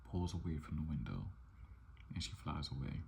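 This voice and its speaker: A man giving a calm, low-key ASMR comic book reading as the channel host. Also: moderate pace, creaky, a little hiss or hum.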